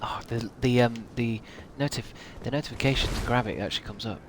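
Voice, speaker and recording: Male streamer, middle pitch, casual rambling chat over gameplay, swears at mishaps. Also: quick pace, background noise. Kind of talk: casual live-stream chat while gaming.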